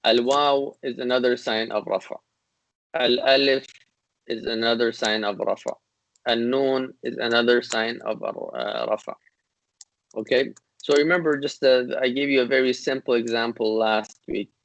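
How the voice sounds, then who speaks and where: A man teaching a classical Arabic grammar lesson on a video call, explaining patiently with many fillers and restarts, and reciting Arabic text in quick bursts. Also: medium pitch, fairly even intonation, lo-fi sound. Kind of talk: online class lecture.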